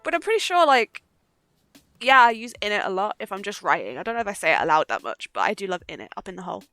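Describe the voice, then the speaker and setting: A woman's voice: medium pitch, very animated, quick pace, bright, forceful tone, dry recording, soft background music. A young woman chatting casually on a livestream, giggly and swearing freely. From Britain. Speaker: streamer.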